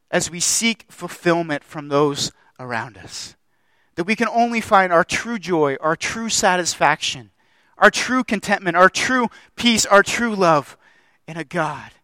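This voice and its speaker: A man's voice: high voice, bright, forceful tone, clean tone, no room sound. A young adult man preaching a sermon as pastor, impassioned and building through repeated phrases.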